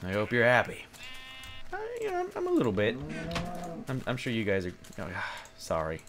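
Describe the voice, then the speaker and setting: A man's voice: medium pitch, huge pitch swings, brisk. A young man giving chatty Let's Play commentary, rambling and yelping when monsters jump him. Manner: chatty, jumpy, yelps at monsters. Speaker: gaming video host.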